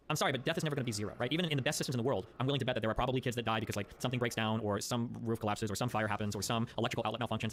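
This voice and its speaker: Fed-up guy in a debate, mid voice, talks fast and blunt, swears a lot. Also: mid-range voice, fairly bright tone. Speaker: debate participant. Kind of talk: heated online debate.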